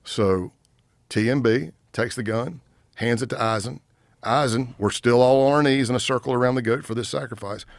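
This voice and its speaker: A man in his fifties, a retired undercover agent and podcast guest, telling a story in an animated way and acting out what the other people said. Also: medium pitch, normal speed, no room sound, studio quality.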